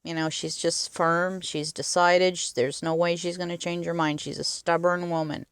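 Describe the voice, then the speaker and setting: A woman's voice: on the low side, little pitch movement, normal speed, clean tone, no echo. A woman retelling a film's plot in earnest detail, stressing its emotional moments. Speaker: film reviewer.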